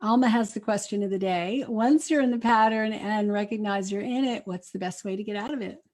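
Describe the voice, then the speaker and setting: A woman hosting an interview, briskly reading out viewer questions and steering the talk. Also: medium pitch, darkish tone. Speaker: interview host.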